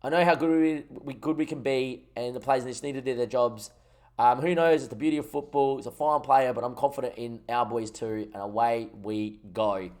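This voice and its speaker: A young Australian man streaming a football management game, commentating the match live and getting excited at goals while talking to his chat. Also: mid-range voice, moderate pace. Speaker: gaming streamer.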